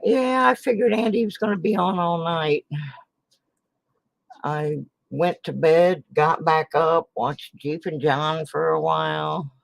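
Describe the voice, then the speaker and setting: A woman's voice: low-pitched, takes it slowly, vocal fry, no echo, poor audio. A sleepless woman rambling in a folksy way as she sorts coins in her living room late at night, sighing and muttering little exclamations. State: tired and sleepless. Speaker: coin roll hunting vlogger. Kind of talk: late-night casual chat while searching coins.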